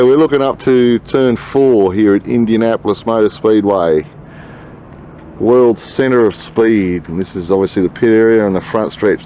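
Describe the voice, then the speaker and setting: A man's voice: lowish voice, warm tone, slight background noise. An Australian man touring a racetrack, chatting casually as an enthusiastic race fan. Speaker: travel vlogger host. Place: outdoors at a racetrack.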